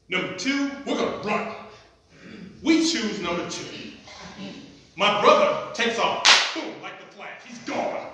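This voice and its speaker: A man telling a comic story at a live storytelling performance, animated and acting out the scenes. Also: extremely high pitch. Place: performance venue. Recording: echoey room, mic at a distance.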